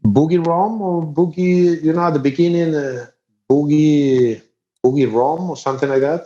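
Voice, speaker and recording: Spanish guy telling road stories on a podcast, lively, kinda muffled lo-fi audio. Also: on the high side, normal speed. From Spain. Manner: animated, laughing storyteller. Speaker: musician guest. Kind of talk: casual storytelling interview. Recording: dull lo-fi sound.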